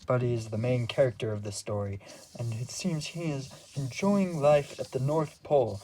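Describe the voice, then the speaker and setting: A man's voice: mid-range voice, moderate pace, dark tone, a little hiss or hum, low-quality recording. A man narrating a rambling comedic movie recap, restarting often and stringing events together with fillers.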